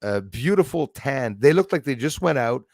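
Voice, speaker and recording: A man's voice: mid-range voice, expressive, moderate pace, gravelly, a little mellow, no room sound, clean studio sound. Rambling, laughing man. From Quebec, Canada. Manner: laughs often, rambling, crude jokes. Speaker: channel host. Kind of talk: casual chat.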